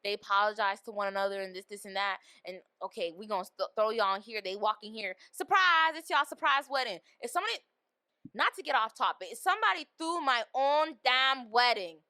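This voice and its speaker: A young adult woman hosting a podcast, chatting casually about a movie and acting out lines with animated delivery. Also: mid-range voice, fairly quick, smooth, no room sound. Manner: animated, acts out quoted lines. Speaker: podcast host. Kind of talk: casual movie review chat.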